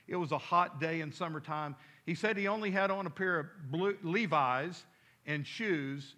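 A pastor telling a story during a sermon in a church, in an animated, dramatic way. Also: male voice, on the high side.

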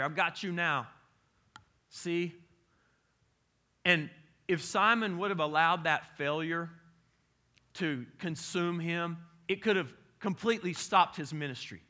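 A man, preaching a conversational, animated sermon as pastor. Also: sits high.

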